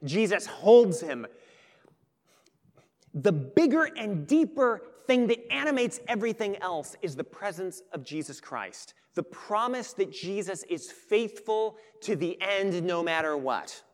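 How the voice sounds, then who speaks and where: A pastor preaching a sermon with earnest emphasis that swells and then turns quiet and intimate. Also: male voice, sits high, expressive, measured pace, hardly any pauses. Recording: long hall reverb.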